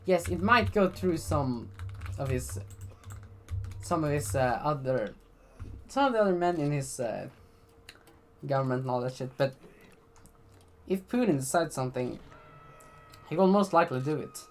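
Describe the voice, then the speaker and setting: Brief: rambling, swearing vlogger from Sweden, mid-pitched, soft keyboard typing behind. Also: animated, moderate pace, long pauses, slight background noise. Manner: rambling, blunt, profane. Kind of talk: casual commentary.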